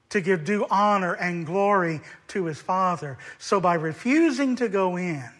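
Man, preacher, sermon, emphatic repetition, slow pace, high pitch. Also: a bit bright.

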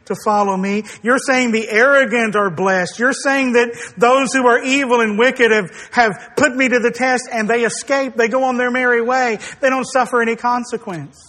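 A man's voice: extremely high pitch, fairly even intonation, moderate pace, few pauses, bright, forceful tone. A man preaching a sermon, earnest and emphatic, stressing his words and sometimes acting out quoted speakers.

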